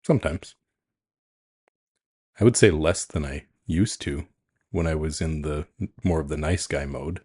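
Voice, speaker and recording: A man with a very deep, husky voice speaks in a calm, frank and reflective way in a relaxed podcast chat. The sound is dry and close, with no room around it. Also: unhurried, long pauses, no echo. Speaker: podcast co-host, coach. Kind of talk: casual chat.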